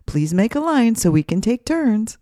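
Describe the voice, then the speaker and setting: A woman voicing a gentle, encouraging female snake teacher in a children's storybook. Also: a little high, big pitch swings, normal speed, dry recording, clean studio sound, pitched above the performer's own voice. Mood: kind.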